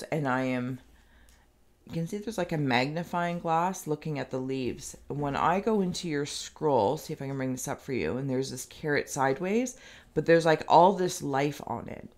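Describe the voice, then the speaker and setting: Gravelly-voiced woman giving a rambling tarot reading. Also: deep voice, moderate pace, darkish tone. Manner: rambling and meandering, full of "like"; speaks directly to the viewer. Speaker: tarot reader.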